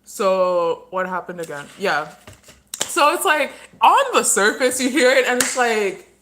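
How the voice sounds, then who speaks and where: A woman hosts a loose livestream chat, airing strong opinions in a rambling, offhand way. She talks while eating, and her voice sits at an ordinary middle pitch. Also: expressive, a little slow, fairly bright tone, slight background noise. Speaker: livestream host.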